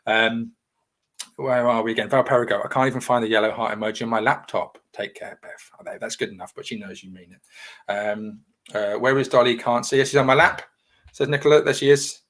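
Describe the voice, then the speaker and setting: A man's voice: mid-range voice, steady tone, brisk, fairly bright tone. A man hosting a casual livestream, reading viewer comments and talking in a rambling, reassuring, chatty way. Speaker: livestream host.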